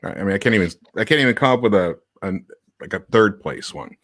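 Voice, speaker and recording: A man talks sports with lots of pitch movement and plenty of energy, laughing easily and stumbling as his thoughts run ahead. His voice sounds dry and close to the mic. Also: quick pace, dry recording. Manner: animated, laughs easily, stumbles over words. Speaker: podcast panelist. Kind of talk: casual sports discussion.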